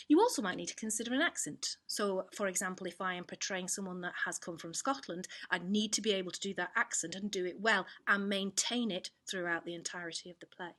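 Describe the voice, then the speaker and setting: A woman teaching an online drama lesson, explaining clearly and demonstrating examples with her voice. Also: mid-range voice, a bit bright. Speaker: performing arts teacher.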